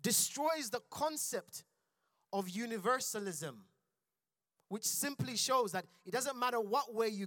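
A man's voice: sits high, fairly bright tone, no echo, clean studio sound. A man preaching a sermon in church, building intensity and calling out to his congregation. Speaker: pastor.

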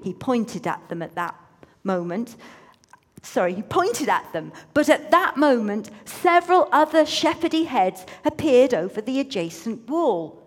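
A woman's voice: fairly high pitch, very animated, a little slow. A woman reading a story aloud with playful, teasing asides, in a room with a long reverb.

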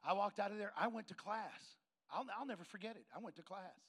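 A man preaching, telling a story and acting out the dialogue with lively, shifting voices. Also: sits high, a little fast. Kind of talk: sermon storytelling.

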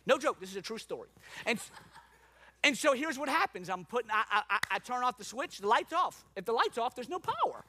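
A pastor preaching a sermon, telling a funny personal story with self-mocking asides and many repeated "no joke" remarks. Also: male voice, extremely high pitch, very animated, brisk, bright, forceful tone.

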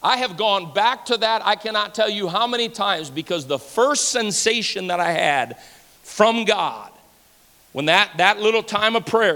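Bright-voiced man preaching in an echoing hall. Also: sits high. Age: 40s. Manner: impassioned preaching, repeats phrases for emphasis. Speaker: pastor. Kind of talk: sermon. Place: church sanctuary. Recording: long hall reverb.

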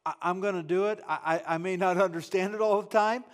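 A male preacher with a fairly high-pitched voice delivers a sermon. His delivery is fervent and emphatic. He stumbles into restarts and repeats himself as he presses each point. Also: steady tone, fast talker.

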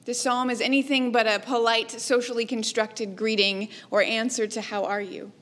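A woman preaching a sermon in a measured, reflective way, letting her phrases trail off softly. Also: a little high, little pitch movement. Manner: slow, measured, reflective delivery with soft trailing endings.

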